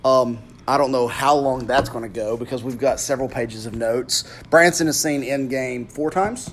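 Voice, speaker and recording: A man's voice: mid-range voice, moderate pace, a little hiss or hum. A man co-hosting a podcast in casual chat, chiming in and keeping the show moving. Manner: easygoing, chimes in and keeps time. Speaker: podcast co-host.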